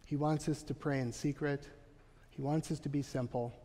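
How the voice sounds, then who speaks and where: Pastor, male, emphatic sermon delivery, fairly high voice, echoing sanctuary sound. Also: steady tone, normal speed, warm tone. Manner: earnest, emphatic preaching with frequent "Right?" asides.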